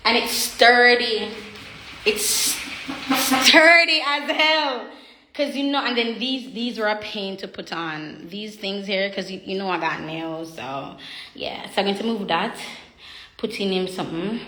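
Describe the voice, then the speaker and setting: A woman's voice: mid-range voice, a bit bright. Chatty woman in an echoey room. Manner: chatty, reads viewer comments aloud. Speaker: livestreamer. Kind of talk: casual livestream chat. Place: home room.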